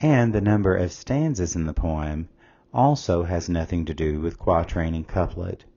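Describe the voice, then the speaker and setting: Man, tutor, very low voice, measured, reads questions and answer choices aloud. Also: mellow, lo-fi sound. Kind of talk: scripted test-prep lesson.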